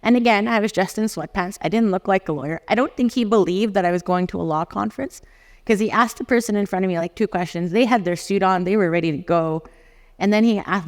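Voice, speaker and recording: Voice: mid-range voice, fast talker. A lawyer in their forties from Canada, giving a conference talk and acting out the dialogue in personal stories. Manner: animated storyteller who acts out dialogues and often laughs. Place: conference hall. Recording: long hall reverb.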